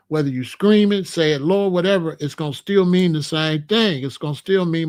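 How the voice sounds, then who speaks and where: A man's voice: fairly high pitch, a little fast, hardly any pauses, a little mellow. A man hosting a livestream, lecturing viewers in chat in a preachy, repetitive way. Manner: preachy, lecturing, repeats phrases. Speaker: host.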